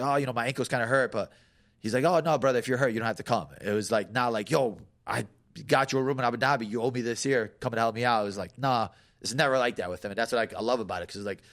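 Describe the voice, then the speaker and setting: Guy rattling off fight camp stories, quick and gravelly, tons of "like". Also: mid-range voice, fairly bright tone. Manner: fast, loose, full of "like", laughs while telling stories. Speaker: guest, fighter. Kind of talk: casual storytelling.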